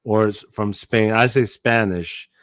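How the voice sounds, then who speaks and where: A man's voice: fairly low pitch, steady tone, a little slow, no room sound. Blunt, profane man, dry sound. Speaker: podcast co-host. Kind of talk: casual comedic chat.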